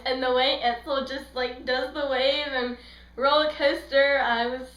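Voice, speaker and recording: A woman's voice: sits high, fairly even intonation, moderate pace, a bit bright, roomy sound, low-quality recording. A young woman giving a casual, gushing fangirl movie review, rambling and acting out the scenes she retells. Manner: gushing, rambling, acts out scenes in quoted voices. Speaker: book and film reviewer.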